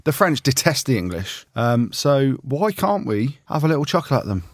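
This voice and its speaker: A man's voice: mid-range voice, very animated, moderate pace, no room sound, clean studio sound. A man co-hosting a podcast, chatting casually in a cheeky, mocking way. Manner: cheeky and mocking, laughs often. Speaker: podcast co-host. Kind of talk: casual chat.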